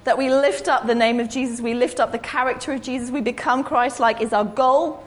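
A woman's voice: on the high side, steady tone, fairly quick, a little hiss or hum. Chatty woman preaching. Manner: warm, rambling, self-deprecating. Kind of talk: informal sermon. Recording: echoey hall.

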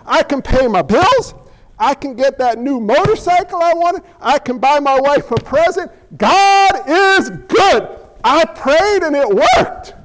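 A man's voice: very high-pitched, lively intonation, moderate pace, big-room sound, slight background noise, low-quality recording. A man voicing a tired working fisherman who prays for fish and grumbles about preachers. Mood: jubilant. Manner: pleading, then jubilant. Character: worn-out male fisherman praying for a catch.

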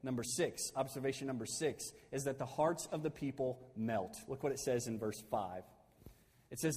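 A man's voice: mid-range voice, expressive, moderate pace, darkish tone, long reverb tail. A man preaching a sermon conversationally, asking his listeners questions and repeating key phrases.

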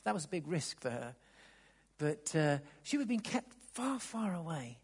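A man preaching a sermon, dropping to near-whispers, then rising to loud emphatic bursts, often repeating words as he restarts. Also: fairly high pitch, very animated, normal speed, breathy edge. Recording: long reverb of a large hall.

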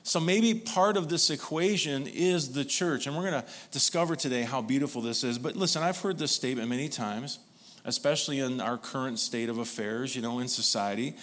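A man's voice: medium pitch, fairly quick, a bit bright. Man preaching with congregation call-outs. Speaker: pastor. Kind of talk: sermon.

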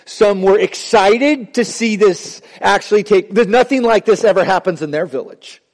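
Male preacher, high tenor voice, dramatic swings from hushed to impassioned, sermon in a church with long hall echo. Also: normal speed. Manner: dramatic preaching, voice rising and dropping sharply. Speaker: pastor.

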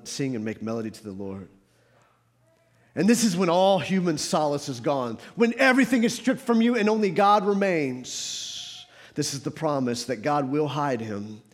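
A man preaching a sermon as a pastor, building to fervent emphasis and then dropping to hushed, quiet passages. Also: mid-range voice. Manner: rises to fervent emphasis, drops to hushed tones.

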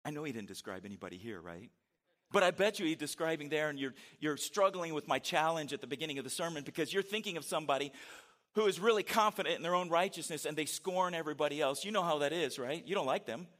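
A man's voice: a little high, expressive, fast talker, a bit bright. A man preaching a sermon in a conversational way, asking the congregation rhetorical questions and reading scripture aloud with dramatic inflection. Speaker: pastor.

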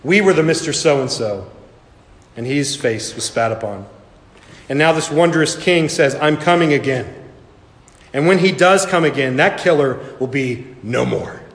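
Earnest pastor with echoing hall. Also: male voice, medium pitch, animated. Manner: earnest, slow, falling soft for emphasis. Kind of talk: sermon with storytelling. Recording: echoey hall reverb.

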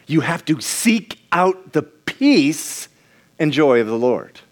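A man's voice: fairly high pitch, big pitch swings, takes it slowly. Man preaching a conversational sermon. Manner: conversational, questions the congregation, repeats words and restarts.

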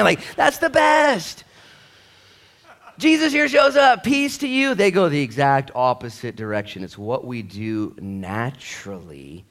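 A middle-aged man delivers a church sermon with a lively, wide-ranging voice that jumps up and drops low. He acts out little scenes in different voices and moves from loud outbursts to quiet, hushed asides. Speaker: pastor.

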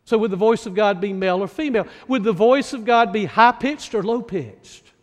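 Preaching in a slow, deliberate manner, this North Carolina pastor poses question after question to his listeners. His voice sits high, with a long reverb tail behind it.

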